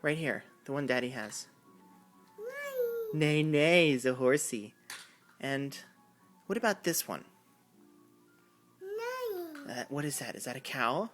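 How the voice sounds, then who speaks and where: A father using baby talk with his toddler, praising her warmly and imitating animal sounds in a sing-song way. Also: medium pitch, animated, slow pace, long pauses, over music.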